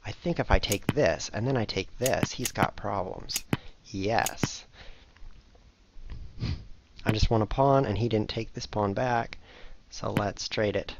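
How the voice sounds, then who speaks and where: A man hosting his show, commentating live on his own online blitz chess games in a jokey, self-mocking way with sudden excited outbursts. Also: on the low side, slow, gravelly, pauses often, noisy background. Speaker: chess streamer and show host.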